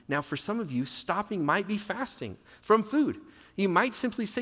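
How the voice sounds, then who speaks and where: Male pastor, expressive sermon voice, a touch high, echoing hall. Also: normal speed. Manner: expressive preaching, acting out quoted prayers with rising pitch.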